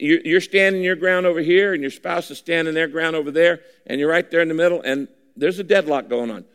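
A man preaching a sermon as a pastor, emphatic and repeating key phrases to drive them home. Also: mid-range voice. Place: church auditorium. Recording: long reverb of a large hall.

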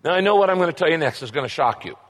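A man's voice: a little high, expressive, very fast, a bit bright. A middle-aged man preaching a sermon as a pastor, emphatic and repetitive, asking rhetorical questions. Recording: long hall reverb.

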